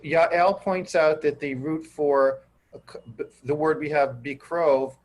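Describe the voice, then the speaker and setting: A man speaks up from the class to pass along a point. His voice sits a little high and stops often, with a faint hiss behind it. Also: steady tone, unhurried. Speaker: class participant.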